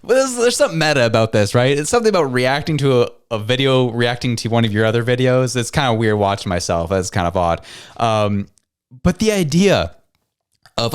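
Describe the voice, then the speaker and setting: Animated man hosting a commentary podcast. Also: mid-range voice, fairly quick, smooth. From Canada. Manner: animated, laughs often, incredulous. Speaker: podcast host. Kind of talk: reactive commentary chat.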